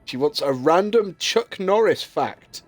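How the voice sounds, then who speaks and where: A man's voice: on the high side, animated, a little slow, no echo, faint music behind. Chatty male streamer gaming with friends. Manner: chatty, rambling, laughs easily, casual swearing. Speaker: streamer and host. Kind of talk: casual chat while gaming.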